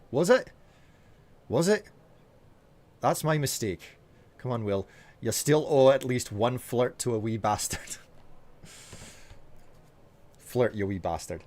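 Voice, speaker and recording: A man's voice: medium pitch, a little mellow. A man with a Scottish accent, chatting as a streamer, reading and answering viewer messages with hesitant fillers. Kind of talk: live stream chat while gaming.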